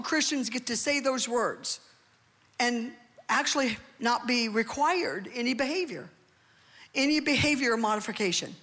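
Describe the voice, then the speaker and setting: A middle-aged woman pastor preaching a sermon with animated delivery, often calling for amens from the congregation. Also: on the high side, unhurried. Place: church hall. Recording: long reverb of a large hall.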